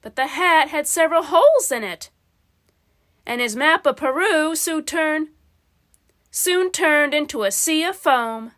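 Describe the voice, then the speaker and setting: A woman reads a children's storybook aloud in a gentle, unhurried manner. Her voice sits high and sounds bright and clear. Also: expressive.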